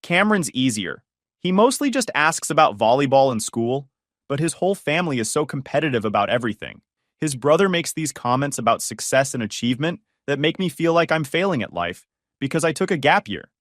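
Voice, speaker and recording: A weary, frustrated teenage daughter in a spoken story, read by a man in his own voice. The pitch moves freely, and the sound is close and dry. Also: very animated, a little fast, a bit bright, no echo. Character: tired nineteen-year-old daughter, frustrated.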